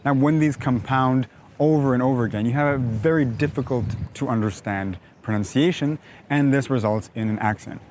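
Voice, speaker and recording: A man with a North American accent, an English coach explaining pronunciation in a measured, emphatic teaching manner. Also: mid-range voice, darkish tone, slight background noise. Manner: measured, emphatic teaching delivery with frequent "now". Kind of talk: explanatory video lesson.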